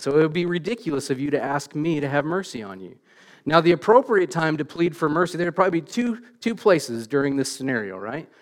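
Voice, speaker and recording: A middle-aged man preaching a sermon in church, telling stories with animated, self-deprecating humor and frequent restarts. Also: medium pitch. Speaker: pastor.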